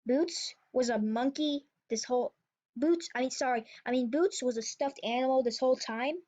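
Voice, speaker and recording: High voiced woman rambling thru a creepy story, kinda dull lo-fi sound. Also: normal speed, warm tone. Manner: rambling, with restarts and self-corrections. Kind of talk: casual creepypasta retelling. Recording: dull lo-fi recording.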